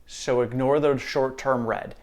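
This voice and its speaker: Male investing host, mid pitch, casual and upbeat, reassures viewers directly. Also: fairly even intonation, measured pace. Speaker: stock market channel host.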